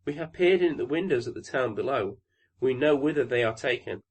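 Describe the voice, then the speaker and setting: A man voicing a flock of chattering sparrows in a storybook reading, excited and boastful. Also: medium pitch, brisk, husky. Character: chirping, know-it-all little sparrows.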